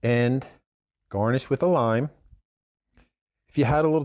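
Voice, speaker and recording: A man's voice: mid-range voice, a little slow, darkish tone. Chatty man demonstrating cocktails. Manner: chatty, digressive, self-correcting. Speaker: bartender host.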